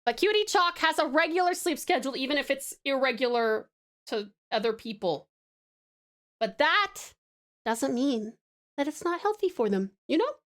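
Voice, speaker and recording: A woman's voice: high-pitched, animated, moderate pace, fairly bright tone. A woman with an Australian accent, chatting casually with her stream chat while she draws, playful and laughing often.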